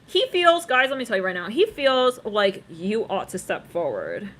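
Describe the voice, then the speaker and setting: A woman with a mid-range, sing-song voice gives a casual psychic tarot reading at a moderate pace, rambling and chatting straight to her viewers. She laughs often and hums or breaks into snippets of song. There's slight background noise.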